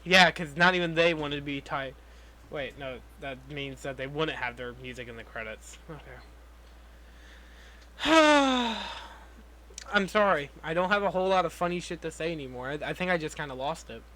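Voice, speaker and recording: A man's voice: fairly high pitch, lively intonation, moderate pace, sharp tone. A young man co-hosting a casual movie podcast, laughing and swearing, slipping into mocking voices. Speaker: podcast co-host. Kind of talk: casual movie review chat.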